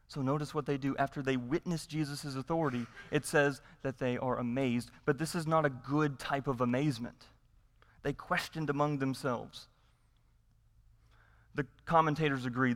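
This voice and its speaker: A man's voice: mid-range voice, long reverb tail. A man preaching a sermon as pastor, emphatic, repeating his points and asking rhetorical questions.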